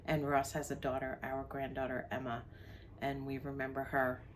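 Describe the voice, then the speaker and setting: A woman's voice: very deep voice, completely flat delivery, normal speed, slight background noise. An older woman from New Jersey, co-hosting a travel vlog and chatting about her day. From New Jersey, USA. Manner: chatty, lists the day's plans. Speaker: vlog co-host. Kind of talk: casual travel vlog chat.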